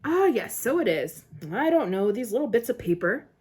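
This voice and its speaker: A woman reading the part of a cheerful, flustered middle-aged wizard father who speaks brightly and nervously. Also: a little high, big pitch swings, normal speed, breathy edge. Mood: cheery nervous.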